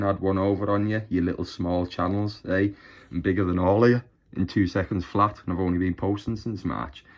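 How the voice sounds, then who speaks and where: A man's voice: sits low, highs cut off. A man on a YouTube channel delivering a mocking, boastful rant straight to his rivals. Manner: taunting, boastful, scornful.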